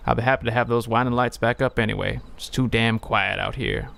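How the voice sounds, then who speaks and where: A man voicing a sentimental old gas station owner, reading his lines in a folksy, unhurried way. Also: medium pitch, fairly even intonation, creaky, fairly bright tone, slight background noise. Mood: helpful.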